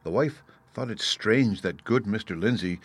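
Low-voiced man reading a story. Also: animated, normal speed, slightly rough, no echo. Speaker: reader. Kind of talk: storybook narration.

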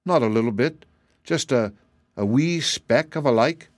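A man voicing a kindly, easygoing ragged male wanderer who talks calmly and sympathetically. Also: mid-range voice, unhurried, no echo, clean studio sound, lightly acted. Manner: calm, sympathetic and soothing. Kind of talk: storybook character voice.

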